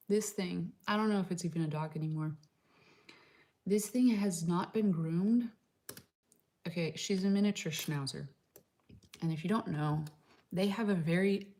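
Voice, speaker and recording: Casting note: woman vlogger, low gravelly voice, chatty, lots of "like", slips into whispers. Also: a little mellow. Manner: chatty, frequent "like" fillers, drops into whispers. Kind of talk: casual vlog chat. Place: home in Slovenia.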